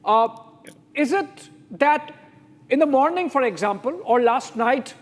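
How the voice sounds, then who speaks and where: A man's voice: extremely high pitch, expressive, measured pace. A man anchoring a live TV news debate, asking long, winding questions full of fillers.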